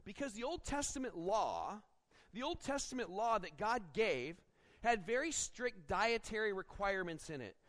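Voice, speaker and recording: High-voiced preaching man. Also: normal speed. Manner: expository preaching with acted-out quotes; animated, rising when dramatizing. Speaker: pastor. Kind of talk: sermon.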